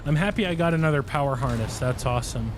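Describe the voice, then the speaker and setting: A man's voice: medium pitch, fast talker, noisy background. A man streaming a game, chatting casually and telling a long rambling story with frequent laughs. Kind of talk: casual chat while livestreaming a game.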